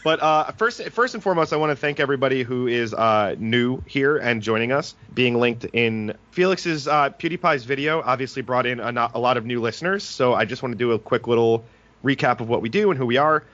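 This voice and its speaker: A man's voice: mid-range voice, lively intonation, brisk, a bit bright, highs cut off. A man hosting a podcast, an attorney, talking in a casual, joking and talkative way.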